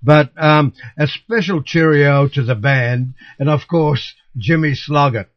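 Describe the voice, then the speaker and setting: An older male guest in casual chat, halting and searching for words. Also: on the high side, lo-fi sound.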